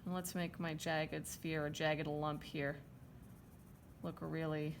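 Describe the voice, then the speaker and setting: A woman's voice: sits low, little pitch movement, takes it slowly, slight background noise. A woman art teacher talking through a drawing demonstration, chatty and checking in with her students as she draws. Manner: chatty, checks in with "okay?" and "right?".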